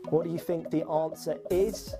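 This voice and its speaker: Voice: mid-range voice, steady tone, moderate pace, over music. A quiz host running a live online quiz, reading out questions and scores in a chatty, teasing, upbeat way.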